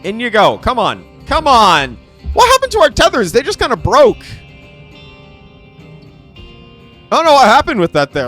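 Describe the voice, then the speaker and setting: A young man streaming a game live, chatting to his viewers in an excitable, playful way. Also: very high-pitched, unhurried, gravelly, pauses often, soft background music. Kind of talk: live game commentary with chat.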